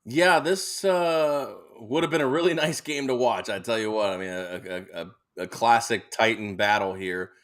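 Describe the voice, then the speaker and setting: A man's voice: mid-range voice, normal speed, hardly any pauses, fairly bright tone. A man co-hosting a sports radio show, rambling through betting picks with lots of fillers and easy laughs. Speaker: co-host. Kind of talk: casual sports betting chat.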